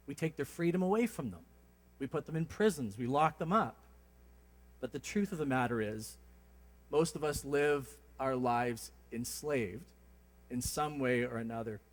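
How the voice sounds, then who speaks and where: A man delivers a sermon with relaxed, lively storytelling and a touch of humor. His voice sits a little high for a man. The sound carries the long reverb of a church sanctuary. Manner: conversational, animated storytelling with humor. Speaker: preacher.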